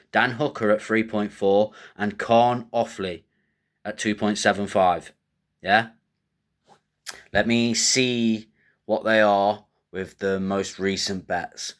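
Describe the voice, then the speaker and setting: A man giving blunt, rambling fight picks and betting tips in casual, coarse commentary. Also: lowish voice. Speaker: MMA betting tipster host.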